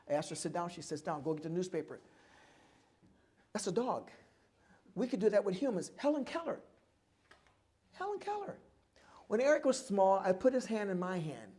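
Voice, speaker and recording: A middle-aged man with a high voice gives a live oral history talk. He tells his stories with animation, acting out voices and beating out rhythms as he speaks. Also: darkish tone. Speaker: guest speaker.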